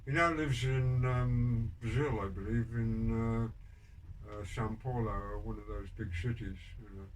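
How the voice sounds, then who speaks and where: A man's voice: medium pitch, fairly even intonation, measured pace. An older man telling prison stories on a podcast, rambling with many ums and restarts and a dry, wry humor. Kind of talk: casual storytelling interview. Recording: distant mic with background noise.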